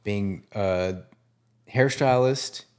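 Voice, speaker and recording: Man, podcast host, lowish voice, laughs easily, casual. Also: drawn-out words, clean tone.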